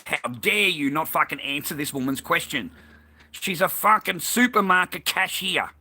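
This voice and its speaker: An Australian man vents in a fiery, profane monologue, circling back over the same complaints. His voice sits a little high and rings bright and forceful. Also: lively intonation, moderate pace. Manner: profane, heated and repetitive. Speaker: vlogger. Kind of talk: angry ranting monologue.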